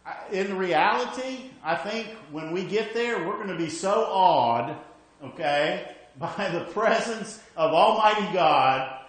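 A man preaching slowly and deliberately, with a voice that sits a little high for a man. His sermon is conversational and keeps checking in with the listeners, then falls soft and low for scripture. The whole thing rings out in a very echoey room. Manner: conversational, often adding "okay?"; rises for emphasis, then drops low and quiet when reading scripture.

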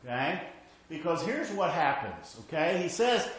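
A man preaching slowly and deliberately, with a voice that sits a little high for a man. His sermon is conversational and keeps checking in with the listeners, then falls soft and low for scripture. The whole thing rings out in a very echoey room. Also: sing-song. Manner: conversational, often adding "okay?"; rises for emphasis, then drops low and quiet when reading scripture.

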